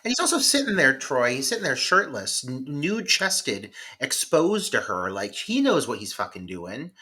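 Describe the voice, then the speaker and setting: A man's voice: mid-range voice, big pitch swings, normal speed, pushed and bright, breathy edge. A man co-hosting a podcast, chatting casually about a film in a rambling, profane way, full of "like" fillers. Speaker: podcast co-host. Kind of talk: casual film review chat.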